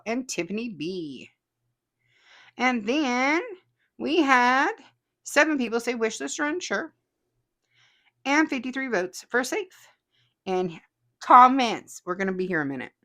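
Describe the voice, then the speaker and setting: A woman's voice: a little high, expressive, measured pace, long pauses, bright, forceful tone. A woman hosting a casual stream, chatting and reading viewer comments aloud with frequent laughs. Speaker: host.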